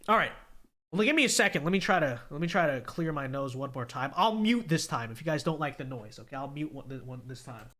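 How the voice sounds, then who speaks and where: A man's voice: on the high side, animated, fast, fairly bright tone. A congested man hosting a political livestream, ranting emphatically with repetition and sarcasm.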